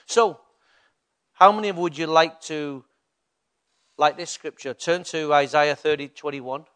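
A man's voice: on the high side, unhurried, fairly bright tone. A male pastor preaching a sermon in a conversational way, rising to emphatic bursts.

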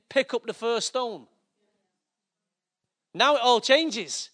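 A man's voice: very high voice, a bit bright. A man preaching a sermon in a conversational, joking way, with asides to the congregation.

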